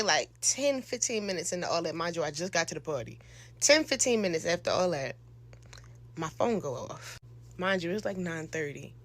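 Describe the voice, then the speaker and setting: A young woman, telling a slangy, animated storytime into a close phone mic. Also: medium pitch, no room sound. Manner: animated, slangy, acts out quotes with loud shouts. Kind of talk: storytime monologue.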